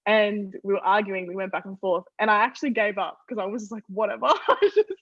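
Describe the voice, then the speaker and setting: A young woman from Australia tells family stories as a podcast guest, animated and quick to laugh. The sound is a little dull and lo-fi. The room is very dry. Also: mid-range voice, dry recording. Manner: animated, laughs often while telling stories. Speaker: interview guest. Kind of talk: casual storytelling interview.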